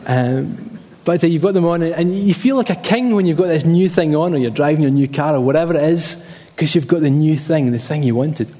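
A man's voice: on the high side, fairly quick, few pauses, dark tone, in a large hall. A man preaching a sermon emphatically, repeating key phrases and telling personal stories.

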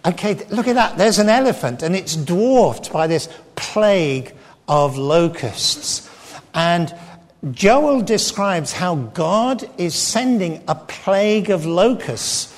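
An English man delivers a sermon in a high, unhurried voice. He is emphatic and turns to address the children directly. The hall gives his words a long, ringing reverb. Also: animated. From England. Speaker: preacher. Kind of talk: sermon with slides.

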